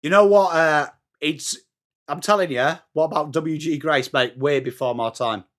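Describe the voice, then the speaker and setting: Hosting a live watchalong stream of a match, an English man reads out and answers viewer comments while calling the play in a casual chat. His voice is fairly high and fairly bright, at a moderate pace.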